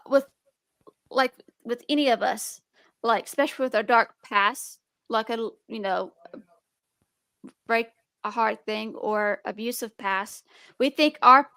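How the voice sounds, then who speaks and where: In a fairly high, somewhat bright and smooth voice, a young woman streamer chats casually, recorded dry. She rambles with restarts and a speech impediment, her talk turning to how nervous and defensive she feels.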